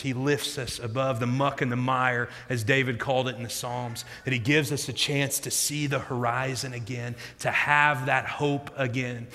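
Man, pastor, storytelling sermon, bright forceful voice, long reverb of a church hall. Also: mid-range voice, normal speed, few pauses. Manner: storytelling, animated, shifts between loud emphasis and quiet reflection.

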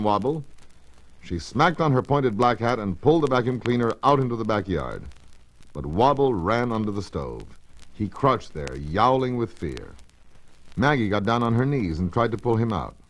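A man narrating children's stories on a storybook record, in an expressive, measured storytelling manner. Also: fairly low pitch, low-quality recording.

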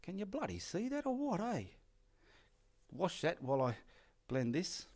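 A man's voice: high-pitched, wildly swooping pitch, unhurried, darkish tone. A middle-aged man with an Australian accent, chatting casually and swearing as he paints and gives directions behind the scenes. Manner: swears freely, jokes and mutters instructions to himself. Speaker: artist.

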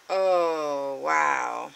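A woman, unboxing craft supplies on her vlog, gushing with excitement and at times dropping to a breathy whisper. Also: sits low. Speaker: crafting vlogger.

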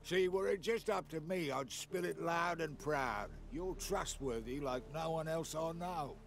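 A man's voice: on the high side, unhurried, gravelly. An actor playing a cocky, slangy male schemer in video game dialogue. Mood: scheming. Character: crafty cheeky male schemer, adult. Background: game music.

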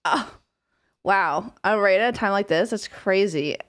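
A woman streamer chatting casually on a live stream, giggling often and swearing as she rambles excitedly. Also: medium pitch, measured pace. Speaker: livestreamer.

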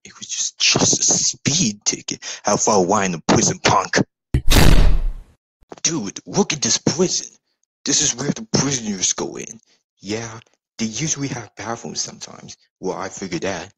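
Man, somewhat low and husky, slangy joking delivery for a comedy parody; dry recording. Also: expressive, a little slow, a bit bright, no echo, low-quality recording. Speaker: parody video voice actor. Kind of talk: comedic parody role-play.

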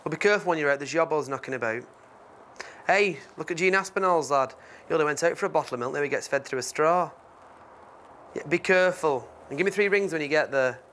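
A man's voice: on the high side, fast, a bit bright, a little hiss or hum, close to an everyday voice. An actor playing a fussy, bossy man who hands out warnings and house rules in a TV comedy.

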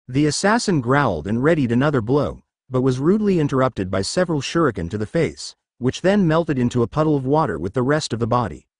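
A man's voice: mid-range voice, dry recording, studio quality. A man narrating a fan story in a dramatic, scripted reading.

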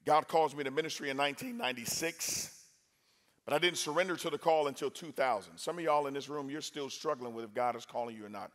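A man preaching a sermon in a university chapel, energetic and talking with the crowd, with sudden loud bursts. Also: medium pitch, quick pace.

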